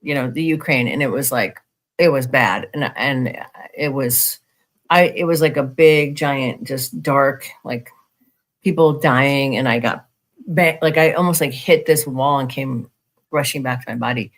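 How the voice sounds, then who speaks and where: A podcast co-host in casual conversation, talking haltingly with constant "like" and "you know what I mean". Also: mid-range voice, a bit bright.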